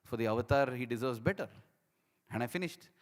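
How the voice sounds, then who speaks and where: A man giving a devotional talk as a personal testimony. He tells his story in an animated, emotional way and acts out the dialogue. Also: mid-range voice, brisk, long reverb tail. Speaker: speaker at a devotional program.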